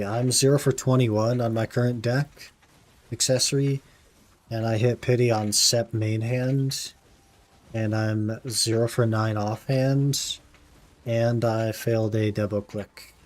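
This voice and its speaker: Laid-back young male game streamer. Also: fairly low pitch. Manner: laid-back, says "man" often, answers chat. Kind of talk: casual live-stream chat while gaming.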